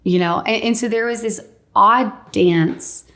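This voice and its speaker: A woman's voice: mid-range voice, a little slow, a bit bright. A woman in her thirties candidly telling her personal faith testimony in a conversational way, full of "like.". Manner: candid, conversational storytelling with frequent "like". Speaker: guest sharing her testimony.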